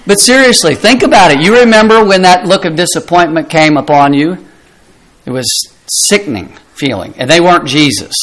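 A man's voice: fairly high pitch, fairly bright tone, rough recording. A middle-aged man preaching a sermon, earnest and emphatic, asking rhetorical questions and dropping his voice for effect. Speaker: pastor.

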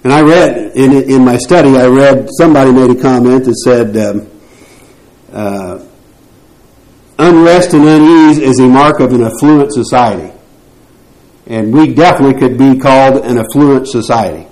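A man's voice: mid-range voice, moderate pace, darkish tone, low-quality recording. A man teaching a Bible class, posing rhetorical questions to the group and often restarting his phrases.

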